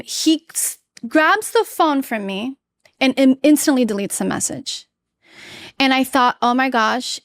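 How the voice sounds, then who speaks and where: A woman's voice: fairly high pitch, no room sound. Candid woman telling a personal story. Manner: candid, earnest, acts out her own quoted lines. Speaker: podcast guest.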